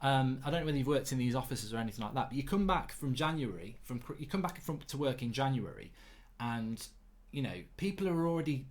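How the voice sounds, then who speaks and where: A man in his thirties telling cheeky, animated anecdotes in a casual chat, throwing in mocking jibes. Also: medium pitch, brisk. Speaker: podcast host. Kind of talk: casual storytelling.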